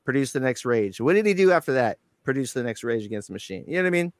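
A man telling a profane, animated story as a guest on an interview show, acting out quotes. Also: medium pitch, quick pace, no echo, studio quality. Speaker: guitarist guest.

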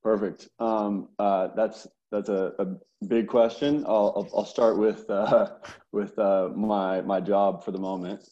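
A man's voice: on the low side, little pitch movement, takes it slowly, dark tone, lo-fi sound. A man being interviewed as a guest, speaking hesitantly with repeated words and many fillers. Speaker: interview guest, service manager. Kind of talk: casual interview.

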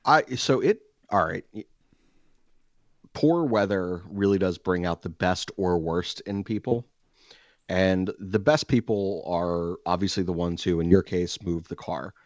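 A man co-hosting a podcast, telling a profane story in a casual, animated way and acting out what people said. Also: deep voice, unhurried, dry recording, dull audio. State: out of breath. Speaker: podcast co-host.

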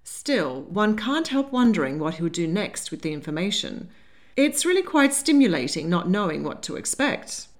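A woman's voice: on the low side, sing-song, moderate pace. A woman doing a cool, amused grandmother. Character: poised, worldly older grandmother, amused and unflappable.

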